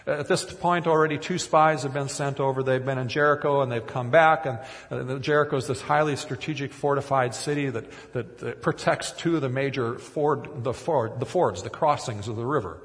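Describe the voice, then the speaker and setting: Speaking in a mid-range voice that leaves a long reverb tail, a Minnesota pastor delivers a sermon in a church sanctuary. He keeps it conversational, pokes fun at himself, and often restarts or drifts into asides.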